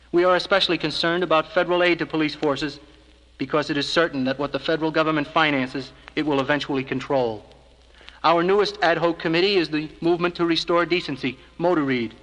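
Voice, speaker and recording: Guy narrating an old 70s filmstrip, earnest and persuasive, kinda high voice, long echoey hall tail. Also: a bit bright. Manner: measured, earnest persuasive address. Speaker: organization spokesman narrating a filmstrip.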